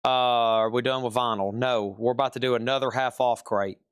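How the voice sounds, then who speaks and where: Southern guy selling records on a live stream, smooth clear voice, dry close sound. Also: medium pitch, steady tone, fairly quick, no room sound. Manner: chatty, repeats prices and buyer names.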